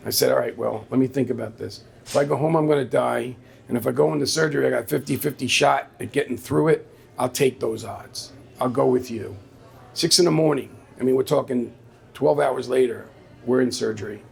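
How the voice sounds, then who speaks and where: A man's voice: mid-range voice, brisk, gravelly, husky. A man telling a personal story on stage at a live story slam, in a conversational way, quoting the people in it. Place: small venue with a live audience.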